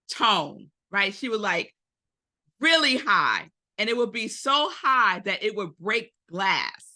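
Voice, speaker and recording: A woman in her forties, a minister giving a Sunday sermon, telling stories and speaking directly to her congregation. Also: mid-range voice. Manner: animated storytelling, addresses congregation directly. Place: spiritual center service.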